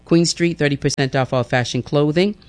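A man hosting a radio show, reading announcements and giving a lively devotional that repeats phrases and calls listeners family. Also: fairly high pitch, a little fast, smooth. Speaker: radio host.

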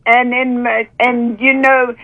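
Calling in over a muffled phone line, an older woman gives a fervent religious testimony, bursting into praise while her voice catches with feeling. Her voice is on the high side, level in tone, and she takes her time.

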